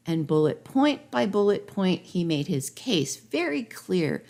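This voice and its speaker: A woman's voice: fairly low pitch, big pitch swings, a little slow, vocal fry, few pauses, a little mellow. A woman reading a rhyming storybook parody aloud in a sing-song way. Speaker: narrator.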